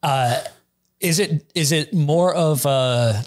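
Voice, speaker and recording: A man's voice: on the high side, slow. A man co-hosting a podcast, putting a question to his guest in casual chat. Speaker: podcast co-host.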